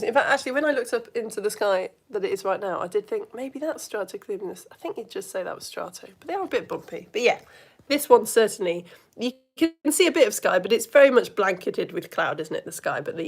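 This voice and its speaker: A chatty, enthusiastic woman runs a live online science lesson and keeps quizzing her viewers. Her voice sits fairly high and swoops up and down with lots of expression. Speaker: science teacher.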